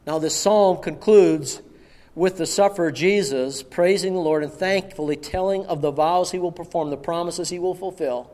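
Middle-aged male pastor, high-pitched, emphatic sermon delivery with hushed drops; long reverb of a church hall.

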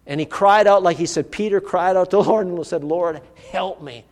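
A man's voice: high-pitched, brisk, a little mellow. A man preaching a sermon, telling a personal story in an earnest, vivid way. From United States. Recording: long hall reverb.

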